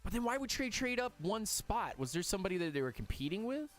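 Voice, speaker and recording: A man hosting a live stream, reacting excitably and talking to his chat in casual commentary. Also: high-pitched, fast talker, soft background music.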